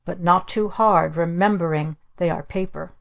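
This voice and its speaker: Woman playing a stern, gruff make-believe witch. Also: fairly low pitch, steady tone, moderate pace. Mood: commanding. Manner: imperious, cold, reading stiffly from a book. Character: stern aunt playing a scolding fairy-tale witch.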